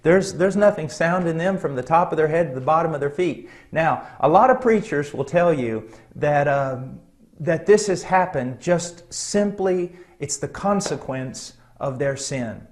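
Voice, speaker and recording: A middle-aged man preaching a sermon, telling a personal story in an earnest, conversational way with frequent pauses and soft chuckles. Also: a little high, lively intonation.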